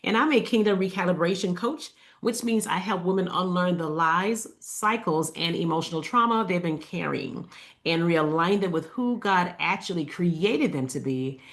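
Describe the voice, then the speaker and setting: A woman with a somewhat low voice gives a casual faith coaching talk straight to her viewers. She keeps it conversational, with fillers and asides, and slows down to repeat her key lines. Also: expressive. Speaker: faith-based life coach. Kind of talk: casual inspirational talk to camera.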